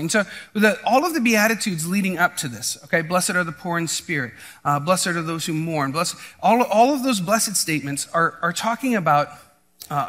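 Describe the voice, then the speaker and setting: A man's voice: sits high, sharp tone. A man preaching a casual, conversational sermon as pastor, often restarting phrases and checking in with the congregation. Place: church.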